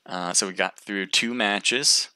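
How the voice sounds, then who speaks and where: A man's voice: on the low side, takes it slowly, pushed and bright, clear, resonant tone, no room sound. A man casting a live stream, chatting casually with viewers and thinking aloud with frequent restarts. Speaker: livestream caster.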